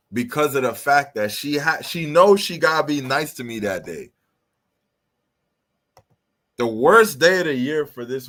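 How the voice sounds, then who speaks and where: A man's voice: mid-range voice, a bit bright. Blunt profane man hosting a live reaction. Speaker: live stream host reacting to clips.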